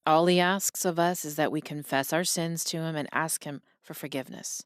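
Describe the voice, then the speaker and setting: A woman voicing a male pastor who speaks calmly and patiently, guiding a dying man. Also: sits low, normal speed, dry recording, clean studio sound, close to an everyday voice. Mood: gentle. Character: calm gentle male pastor.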